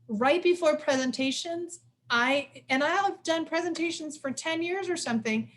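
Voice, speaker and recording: A woman in her forties giving a casual, lively workshop talk. She talks fast and acts out quoted voices with sudden jumps up in pitch. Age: 40s. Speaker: presenter of a workshop on stress. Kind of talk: casual live lecture.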